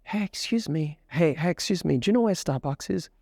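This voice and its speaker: A man acting out a timid, soft-spoken man asking a stranger for directions in a quiet, hesitant voice. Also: fairly high pitch, lively intonation, a little fast, gravelly, no room sound, studio quality, pitched above the performer's own voice. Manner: hesitant, quiet, slightly rising.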